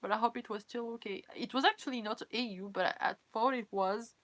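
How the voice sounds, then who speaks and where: A young woman from France streams live as a cosplayer, sounding tired as she chats casually in her French accent; French is her native language. Her voice is a little high, a little fast, and a bit bright, with no echo. She giggles frequently, reads comments from viewers aloud, and runs herself down.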